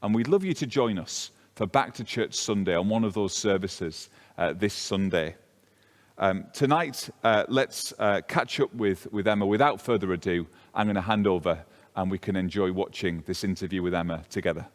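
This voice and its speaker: A man with a very low voice hosts an online church interview. He talks haltingly, with many ums and restarts. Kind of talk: interview hosting.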